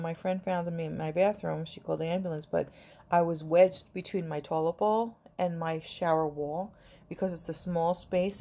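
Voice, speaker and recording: A woman's voice: fairly low pitch, mellow. A middle-aged woman, a grandmother, chatting casually to camera in a rambling, affectionate way. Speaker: vlogger.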